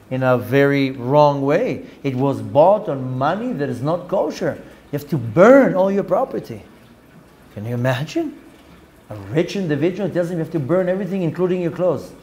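A man, a rabbi, telling a story in a lively lecture, acting out the dialogue and mixing in Hebrew and Yiddish words. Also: on the high side.

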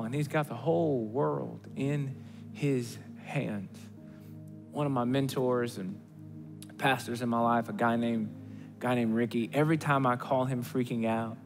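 A male pastor preaching a sermon in a conversational way, swinging between hushed and excited delivery. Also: medium pitch, creaky, big-room sound. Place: church stage.

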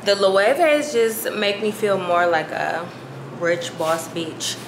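A woman's voice: medium pitch, animated, slow, reverberant, noisy background. A young woman vlogging in casual, slangy chat, rambling with fillers and asides to her viewers. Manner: chatty and slangy, trailing off with fillers. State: tired and low-energy at first.

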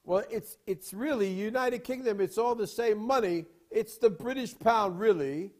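A man preaching in a rambling storytelling style, emphatic, with sudden swings from loud to quiet. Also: sits high, moderate pace. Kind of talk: sermon storytelling.

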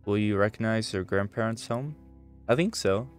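A man with a Swedish accent voicing a blunt, gruff grown man lost in the woods, reading game dialogue aloud in short curt lines. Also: lowish voice, normal speed, soft background music, natural voice. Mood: steady.

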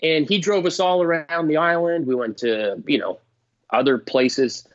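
A middle-aged man, a comedian guest, telling stories in casual chat, animated and swearing, acting out voices. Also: on the high side, a little slow. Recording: dull lo-fi dry sound.

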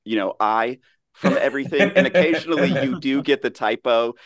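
A man's voice: mid-range voice, a little fast, dry recording. Easygoing American man, dry sound. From United States. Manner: easygoing, laughs readily. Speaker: podcast guest. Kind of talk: casual podcast chat.

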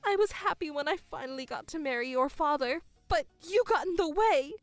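Lady doing a shrill bossy mom in a drama story, high and swooping, whiny and stammery, dry close sound. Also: expressive, fairly quick, dry recording, faint music behind. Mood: angry. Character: self-pitying middle-aged mother, shrill and controlling.

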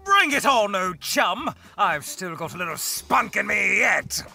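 A plucky old countryball blusters. The voice is high, gravelly and very bright. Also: male voice, big pitch swings, unhurried, full character voice. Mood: blustery. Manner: blustery, exclaiming.

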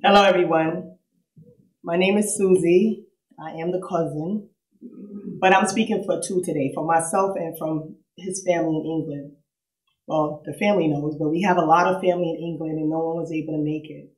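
A woman, a cousin of the deceased, giving a nervous, conversational funeral eulogy and laughing softly between memories. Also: low voice, steady tone, moderate pace. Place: funeral service hall. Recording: roomy hall echo.

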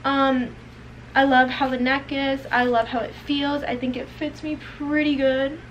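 A nineteen-year-old woman talks through a try-on haul in a high, bright voice. She is chatty and expressive, dropping "like" into every sentence, over a faint background hiss. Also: measured pace, highs cut off. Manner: chatty and expressive, heavy use of "like". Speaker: beauty and fashion vlogger. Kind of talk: casual try-on haul chat.

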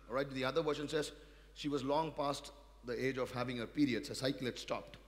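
Indian english pastor preaching, gets people to repeat after him, soft asides then loud peaks, big echoey church hall. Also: male voice, mid-range voice, steady tone, fairly quick. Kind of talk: sermon. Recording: long hall reverb.

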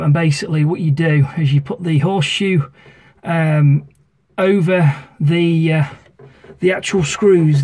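A man's voice: on the high side, a little mellow. A man casually talking through a sink tap repair, rambling with many ums and self-corrections, filmed on a phone under a kitchen sink. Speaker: amateur DIY video maker. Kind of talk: casual how-to walkthrough.

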